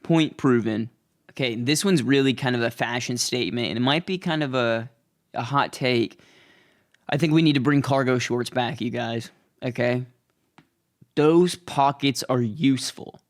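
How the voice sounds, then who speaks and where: A man's voice: mid-range voice, normal speed. A young man hosting his own show, talking in a casual, rambling, self-deprecating comedic monologue. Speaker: host.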